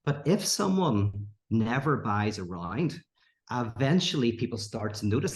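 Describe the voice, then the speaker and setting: Man, podcast guest, animated storyteller, echoey room. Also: moderate pace. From Northern Ireland. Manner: animated, acts out quoted characters with rising pitch. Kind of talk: storytelling in casual conversation. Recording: roomy echo.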